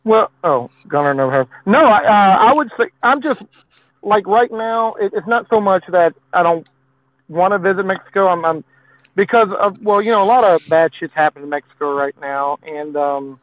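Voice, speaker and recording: A man's voice: high-pitched, animated, normal speed, fairly bright tone, dry recording. A man from Texas rambling in a casual chat, with many fillers. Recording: tinny phone-like line.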